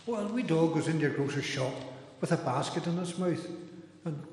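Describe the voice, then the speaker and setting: A man's voice: on the high side, darkish tone. A man with a Northern Irish accent hosting a carol sing-along, telling jokes and stories in a chatty way and laughing along. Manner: chatty storyteller, quick to laugh. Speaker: carol service host. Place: church hall. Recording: very echoey hall, faint music.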